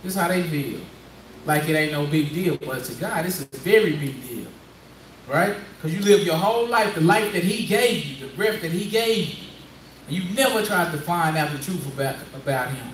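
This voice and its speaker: High-voiced preacher man, echoey and distant. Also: animated, normal speed, slight background noise. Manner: conversational, prodding, repeats phrases. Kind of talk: call-and-response Bible teaching. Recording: echoey room, distant mic, faint ambience.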